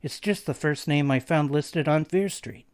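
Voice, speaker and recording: A man's voice: on the high side, normal speed, a little mellow, lightly acted. A man voicing a brash, mocking teenage boy who likes pranks.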